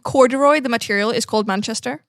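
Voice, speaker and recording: A woman's voice: on the high side, fast talker, no room sound, clean studio sound. A woman from Sweden, a native Swedish speaker, co-hosting a podcast in a giggly, chatty way and explaining things at length. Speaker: podcast co-host. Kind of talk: casual chat.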